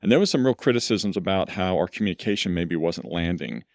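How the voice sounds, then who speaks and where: A middle-aged man with a very low voice talks through his thinking in a relaxed, meandering way, like an executive guest on a podcast. The sound is dry and close. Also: a little fast, no room sound. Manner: reflective, rambling storyteller. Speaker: law firm CEO, podcast guest. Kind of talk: conversational interview.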